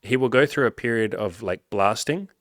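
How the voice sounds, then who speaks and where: A young man tells stories in a loose, animated way, with fillers and frequent swearing. His lowish voice has a bright, forceful edge and sounds close and dry. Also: normal speed, no room sound. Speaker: podcast host reading comments. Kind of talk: casual storytelling.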